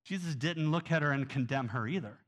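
A man preaching a sermon in an earnest way, going from quiet, soft passages to loud, pressing ones. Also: fairly high pitch, brisk. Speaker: pastor.

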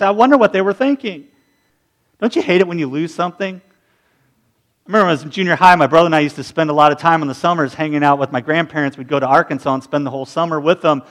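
A man in his forties preaching a sermon, telling animated stories and acting out the people in them. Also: fairly high pitch, quick pace. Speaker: pastor.

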